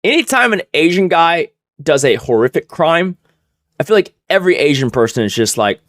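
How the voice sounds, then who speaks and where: A man's voice: on the high side, normal speed, no echo, clean studio sound. A young man streaming live, telling a story in a casual, profane way and acting out what others said. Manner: animated, profane, acts out quoted voices.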